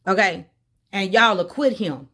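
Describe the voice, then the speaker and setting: A woman's voice: medium pitch, unhurried, a bit bright. A woman from Indiana, USA, venting on her vlog in an exasperated rant, repeating her points over and over. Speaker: vlogger. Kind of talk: casual opinion vlog.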